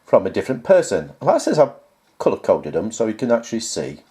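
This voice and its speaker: In casual talk to camera, a YouTuber with a lowish, mellow voice talks fast, his pitch swinging hugely. He reads viewer comments aloud and sarcastically, exasperatedly rebuts them point by point.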